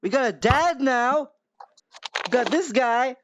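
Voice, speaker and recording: A man hosting a casual gaming podcast, goofy and loud as he introduces his friends. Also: very high voice, expressive, takes it slowly, a little hiss or hum. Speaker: podcast host.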